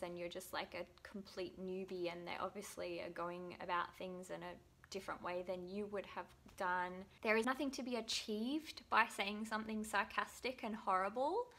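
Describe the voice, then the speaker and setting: A woman, chatting casually to camera and telling self-deprecating stories with acted-out quotes. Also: mid-range voice. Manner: self-deprecating storytelling, lively, acts out quotes. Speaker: vlogger.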